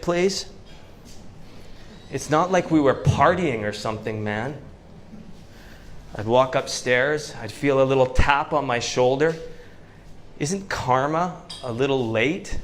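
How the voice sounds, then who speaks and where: A Canadian man giving an inspirational talk to a live audience, telling stories with slow, dramatic pauses. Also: medium pitch, fairly bright tone, slight background noise. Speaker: motivational speaker. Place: event venue before a live audience.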